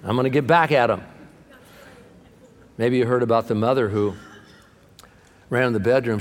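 A man preaching a sermon as pastor, animated, acting out the voices of people he quotes and swinging between loud and soft. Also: on the low side, in a large hall.

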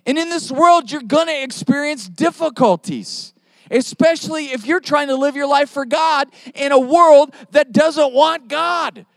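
High-voiced emphatic male pastor preaching. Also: no room sound. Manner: emphatic preaching with rhetorical questions. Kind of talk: sermon.

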